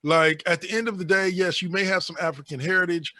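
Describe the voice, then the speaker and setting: A man's voice: sits high, fairly even intonation, fast talker, sharp tone, no echo. A man co-hosting a podcast, chatting casually about wrestling with emphatic, preachy riffs. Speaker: podcast co-host.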